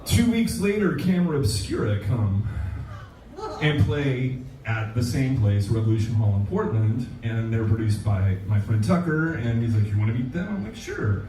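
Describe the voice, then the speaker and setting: A man, a musician guest, telling a story in a casual, animated way and acting out the dialogue. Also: mid-range voice, moderate pace. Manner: animated, acts out quoted dialogue. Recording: echoey room, distant mic, noisy.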